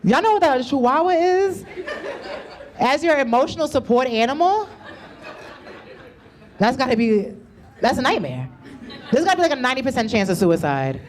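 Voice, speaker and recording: A woman's voice: high-pitched, big pitch swings, normal speed, pauses often, a little mellow, a faint crowd. A woman doing a stand-up comedy set with a loose, slangy, conversational delivery. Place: comedy club stage.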